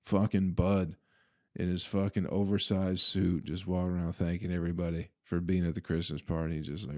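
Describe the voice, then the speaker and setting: A man's voice: low-pitched, a little fast. A young man hosting a podcast, casually telling a profane, laughing story about a party. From Flint, Michigan. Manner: profane, laughing, animated retelling. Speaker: podcast host.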